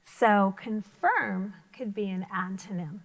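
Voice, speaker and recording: A woman teaches vocabulary to elementary schoolchildren, encouraging them with questions and praise. Her voice is mid-range, and she takes her time.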